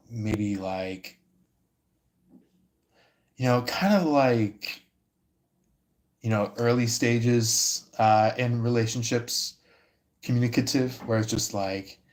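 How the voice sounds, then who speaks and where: A man giving a casual livestream tarot reading, talking haltingly with many fillers and restarts. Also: fairly low pitch, darkish tone. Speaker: tarot reader.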